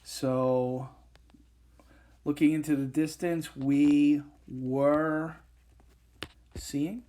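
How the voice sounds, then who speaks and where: Slow, halting male English teacher. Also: fairly high pitch, fairly even intonation, dark tone. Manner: slow, halting explanation with frequent fillers. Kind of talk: recorded whiteboard lesson.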